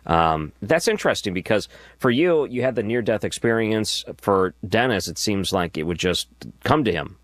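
A man hosting a radio talk show, taking callers in a calm, measured way. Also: fairly low pitch, no echo. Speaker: radio host.

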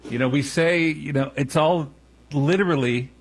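A man's voice: fairly high pitch, moderate pace, slightly rough. A man co-hosting a talk radio show, speaking in a rambling, hesitant way. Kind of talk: casual talk radio banter.

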